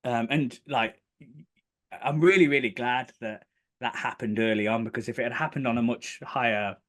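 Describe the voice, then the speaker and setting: A man, a guest on a podcast, tells his story in a relaxed, chatty way. He is animated and often jumps up in pitch to act out what people said. His voice sits at a middle pitch. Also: normal speed. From United Kingdom. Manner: animated, acts out quotes in bursts of higher pitch. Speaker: podcast guest, property developer. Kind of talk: casual storytelling interview.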